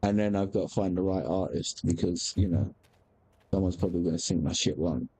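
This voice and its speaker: A man's voice: sits low, fairly quick, mellow, slightly rough. A man, chatting candidly as a game streamer, rambling with frequent restarts and casual swearing. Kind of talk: casual chat while gaming.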